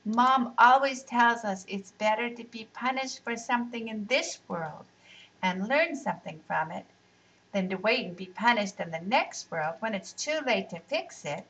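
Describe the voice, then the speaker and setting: A woman reading aloud, voicing a gentle, earnest child. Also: fairly high pitch, animated, moderate pace, distant mic, rough recording.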